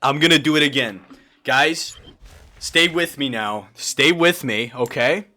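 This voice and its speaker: A young man from Brazil doing live gameplay commentary as a streamer, excitable and quick to swear and yell. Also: medium pitch. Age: young adult. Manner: excitable, swears often, yells and laughs in frustration.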